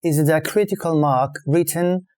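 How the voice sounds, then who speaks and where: A man teaching pronunciation in a slow voice-over, saying each example word carefully and deliberately. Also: on the high side, darkish tone. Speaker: language teacher. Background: faint background music.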